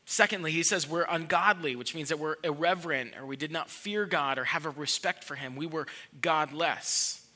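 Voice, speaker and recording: A pastor delivers a sermon in a church, pressing his points with earnest emphasis. His voice is bright and forward, sitting a little high for a man. He often repeats a word before pushing on. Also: normal speed, hardly any pauses.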